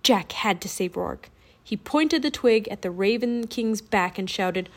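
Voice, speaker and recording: Woman audiobook narrator, children's fiction, clear, expressive. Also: mid-range voice, measured pace.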